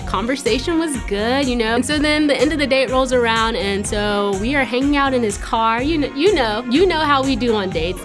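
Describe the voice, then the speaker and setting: A young adult woman leading a youth church lesson, telling stories in a chatty, animated way, laughing often and using casual slang. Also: a little high, a little fast, hardly any pauses, over music.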